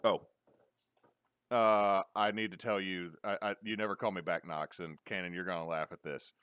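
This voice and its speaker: A man's voice: deep voice, normal speed, clean tone, dry recording, clean studio sound. A middle-aged man, co-hosting a casual chat and acting out the people in his stories. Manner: animated storyteller, acts out quotes. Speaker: podcast co-host.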